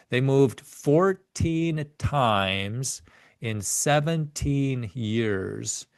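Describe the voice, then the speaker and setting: A man's voice: mid-range voice, dry recording. Male narrator, mid-range voice, dry booth, earnest book reading with self-corrections. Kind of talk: reading aloud from a biography.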